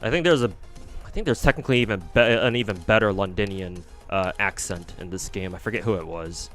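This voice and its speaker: Talk like a man streaming a game, rambling and swearing casually. Keep the voice a little low, with faint game music under it. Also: brisk, fairly bright tone. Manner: rambling, profane.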